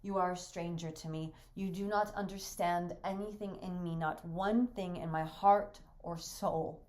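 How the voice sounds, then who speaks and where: A woman's voice: on the low side, steady tone, measured pace, a little mellow, natural voice. Woman reader voicing a proud, bitter young wife, defiant and hurt, for a read-through of a stage play. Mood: cold. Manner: bitter and defiant, rising to anger. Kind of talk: reading a stage play aloud.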